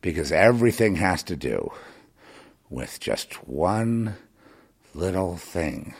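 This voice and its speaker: A man delivering a rambling monologue straight to the listener, with many restarts, swinging between muttering and loud ranting. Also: sits low, sing-song, slow pace, creaky, breathy edge. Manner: many restarts and repeated words.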